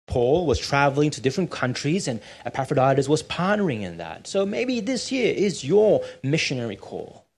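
A man's voice: a little high, very animated, normal speed, hardly any pauses, a little hiss or hum. A man preaching a sermon in church, conversational and often checking in with his listeners. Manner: conversational, often asks "right?".

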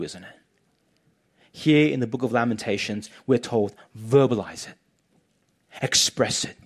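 A man's voice: medium pitch, a little mellow. A man delivering a sermon as a pastor, speaking earnestly and with pastoral care to his congregation. His voice sits in an ordinary middle range. He sometimes repeats a word as he begins a thought.

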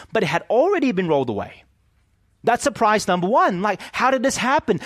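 A man preaching a sermon as pastor, animated and often asking his listeners questions. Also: fairly high pitch, no echo, clean studio sound.

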